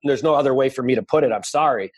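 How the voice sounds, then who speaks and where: A man's voice: medium pitch, racing, slightly rough. A man hosting a casual podcast interview, blunt and swearing now and then. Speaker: podcast host.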